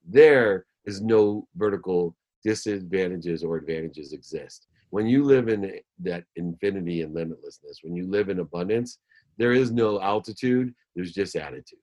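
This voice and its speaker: Deep-voiced man giving motivational advice. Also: normal speed, darkish tone. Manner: emphatic, lists ideas in rhythmic phrases; acts out voices when telling a story. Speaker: guest speaker. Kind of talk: motivational talk.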